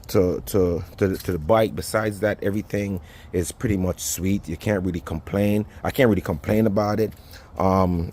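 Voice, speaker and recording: A man casually showing off his motorcycle on a handheld phone outdoors, chatting loosely with his viewers. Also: low-pitched. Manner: relaxed, rambling, chatty with viewers. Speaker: motorcycle vlogger. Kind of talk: casual bike walkaround vlog. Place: outdoors beside a running motorcycle. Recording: outdoor phone audio with loud engine noise. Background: idling motorcycle engine.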